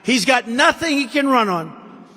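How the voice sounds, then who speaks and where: A man's voice: extremely high pitch, expressive, measured pace, pushed and bright. A man making a campaign rally speech in a large arena, combative and repetitive, with sarcastic asides. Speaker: politician addressing a rally. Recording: long arena reverb.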